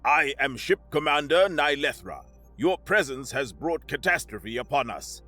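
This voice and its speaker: A man's voice: medium pitch, expressive, unhurried, sharp tone, soft background music. A man voicing a stern alien ship commander with a synthesized-sounding voice, formal and grave, in a sci-fi audiobook.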